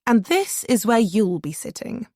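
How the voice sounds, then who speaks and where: A woman voicing a brisk female newsroom manager showing a new hire around. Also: on the high side, very animated, warm tone, dry recording, clean studio sound, voice pushed up. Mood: businesslike. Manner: brisk, businesslike.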